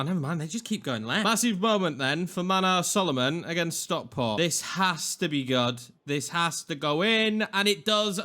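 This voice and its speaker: Sitting high in pitch, this young English gaming YouTuber with a Northern Yorkshire accent chats his way through a football video game, veering fast from excited hype to grumbles in a loose, casual style.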